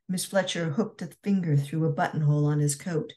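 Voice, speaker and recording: A woman author narrating her romance novel in a steady, measured reading voice. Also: deep voice.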